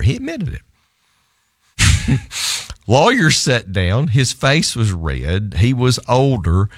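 A male lawyer telling a story in an animated, self-amused way, laughing often as he talks. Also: medium pitch, slow, long pauses, no room sound, studio quality.

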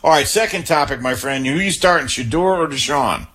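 A man's voice: on the high side, brisk, a bit bright, slightly rough. A man hosting a sports call-in show, affable and chatty, often stammering and restarting his sentences. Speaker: sports radio call-in host. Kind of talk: casual call-in chat.

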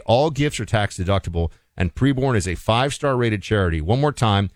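A man with a low voice co-hosts a talk radio show, recorded dry and close on a studio microphone. He chats easily and reads sponsor copy at a steady, emphatic pace. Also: moderate pace, hardly any pauses, no room sound. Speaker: radio co-host. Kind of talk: talk radio chat and live ad read.

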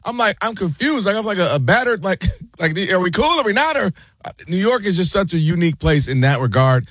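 A man co-hosting a casual sports talk show, animated and quick to act out what people said. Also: sits high, no room sound. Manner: animated, acts out quotes in put-on voices.

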